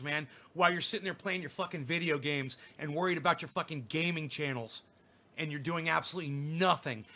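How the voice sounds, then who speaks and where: A man's voice: fairly high pitch, pushed and bright. Angry, profane man ranting. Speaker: streamer. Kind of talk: ranting livestream monologue.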